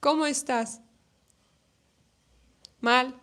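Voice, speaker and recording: A woman with a Russian accent chats casually on a livestream, answering viewer comments. She talks slowly and hesitantly, with many fillers and restarts, in a fairly high voice. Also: steady tone, fairly bright tone. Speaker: livestream host. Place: outdoor terrace.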